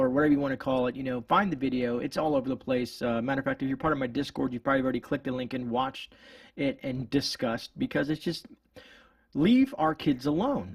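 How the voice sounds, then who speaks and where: Channel host, male, rambling indignant commentary, gravelly voice, dry sound set back from the mic. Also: mid-range voice, no room sound, far from the mic. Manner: indignant, rambling, many restarts. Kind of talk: ranting political commentary.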